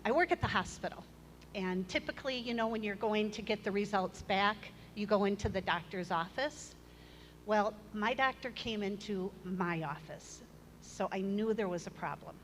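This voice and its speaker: A woman's voice: medium pitch, fairly bright tone. A middle-aged woman giving a personal testimony in church, earnest and storytelling, with a touch of self-deprecating humor. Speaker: church member sharing her testimony. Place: church hall. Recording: long hall reverb, faint room noise.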